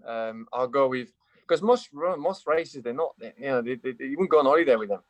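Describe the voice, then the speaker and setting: A man with a French accent, speaking English as his second language in a relaxed chat. He hesitates often and restarts his phrases. His voice is mid-pitched and sounds dry and close to the mic. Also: fairly quick, dry recording. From France. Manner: hesitant, many fillers and restarts. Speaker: guest, motorcycle racer. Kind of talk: casual chat.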